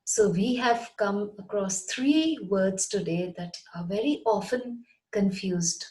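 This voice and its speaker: A woman's voice: mid-range voice, slow pace, dark tone, low-quality recording. A woman teaching a lesson, speaking carefully and spelling words out letter by letter. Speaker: English teacher. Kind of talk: scripted English lesson.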